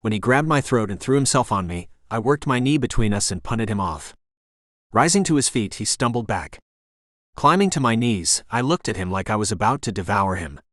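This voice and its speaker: A man narrating a romance audiobook in the first person with steady, intense storytelling on a close studio mic. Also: on the low side, normal speed, no room sound.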